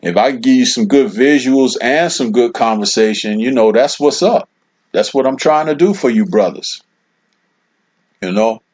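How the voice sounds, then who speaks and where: A man's voice: mid-range voice, animated, normal speed, darkish tone, slightly rough. A man hosting his own livestream, chatting casually and reading viewer comments aloud in a laid-back way, with lots of "man" and "you know.". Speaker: livestream host. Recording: dull lo-fi stream audio.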